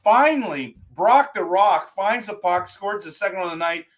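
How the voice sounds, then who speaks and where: High-pitched man, livestream host, fan rant, exasperated and animated. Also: normal speed. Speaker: live stream host. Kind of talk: post-game fan talk.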